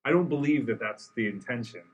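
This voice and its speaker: A man from the United States co-hosting a podcast in casual chat, animated and acting out quotes. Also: medium pitch, fast, slight background noise, rough recording. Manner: animated, acts out quotes in funny voices. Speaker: podcast co-host.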